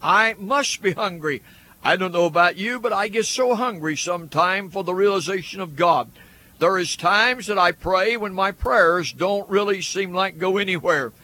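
A man's voice: high voice, moderate pace, pushed and bright. A man preaching a radio sermon, earnest and building through repeated phrases. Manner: earnest, repetitive preaching cadence.

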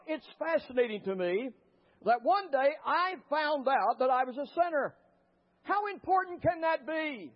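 A man preaching a sermon as a pastor, telling stories with fervor and rising to shouts. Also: very high-pitched. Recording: muffled lo-fi recording.

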